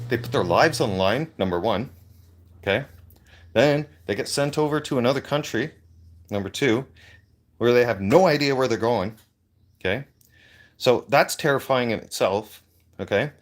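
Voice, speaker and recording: A man's voice: mid-range voice, animated, moderate pace, long pauses. A man ranting in a heated, profane way into a handheld phone on a livestream. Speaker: veteran livestreamer. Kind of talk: angry livestream rant.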